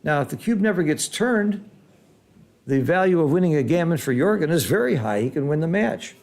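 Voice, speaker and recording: A man commenting live on a board game match, reacting loudly to big swings and then explaining the strategy patiently like a teacher. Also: a little high, a little fast. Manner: excitable, exclaims loudly at big rolls, then explains calmly.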